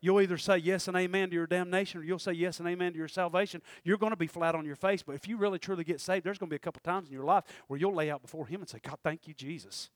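Pastor guy preaching, high-pitched, dry close sound, yells out the big lines. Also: fairly even intonation, no echo. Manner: preaching with sudden shouted peaks and quick asides. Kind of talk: sermon. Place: church.

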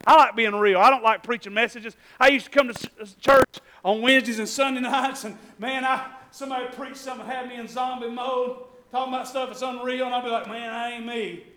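A preacher delivering a fervent, conversational sermon, breaking into exclamations and calling for responses from the congregation. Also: male voice, very high voice, creaky, pushed and bright. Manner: asks the crowd for responses often.

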